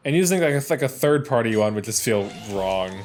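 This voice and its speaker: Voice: mid-range voice, lively intonation, brisk, darkish tone. A let's player giving casual gameplay commentary, rambling, restarting and swearing as things happen on screen.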